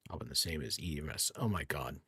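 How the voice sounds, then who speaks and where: Low, husky man rambling on stream. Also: lively intonation, quick pace, sharp tone, dry recording. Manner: rambling, musing aloud, self-correcting. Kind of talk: casual gameplay streaming. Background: faint game music.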